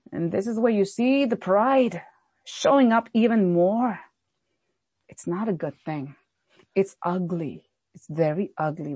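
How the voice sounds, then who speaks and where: A woman's voice: mid-range voice, a little mellow, breathy edge, no room sound. A woman pastor preaching a sermon, emphatic and repetitive in her exhortations.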